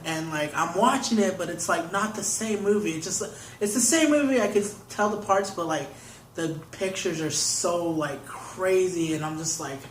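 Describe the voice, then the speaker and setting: A man's voice: fairly high pitch, a bit bright, slight background noise. A young man, an interview guest, telling a long story in casual talk, rambling and filling his sentences with "like". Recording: roomy echo.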